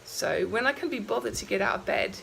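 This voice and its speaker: A young woman talking candidly in a casual travel vlog, in a croaky morning voice, rambling with fillers. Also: medium pitch, expressive, brisk, sharp tone, a little hiss or hum, rough recording. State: out of breath from walking uphill. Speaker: travel vlogger. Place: outdoors walking on a hilly island road.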